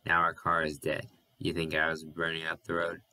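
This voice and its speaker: A man's voice: extremely low pitch, completely flat delivery, moderate pace, pushed and bright, heavily acted. A man voicing a cold-tempered young man who speaks curtly and confrontationally. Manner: curt, confrontational.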